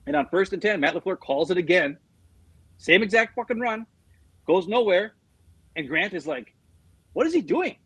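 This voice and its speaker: A man's voice: sits high, normal speed, long pauses, fairly bright tone, slightly rough, no room sound, poor audio. A middle-aged man co-hosting a sports show, venting in heated, profane casual chat about his team's loss. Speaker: sports podcast co-host.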